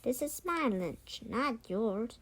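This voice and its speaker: A woman's voice: a little high, lively intonation, slow pace. Friendly man on a park bench, easygoing; a woman reads him. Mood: amused.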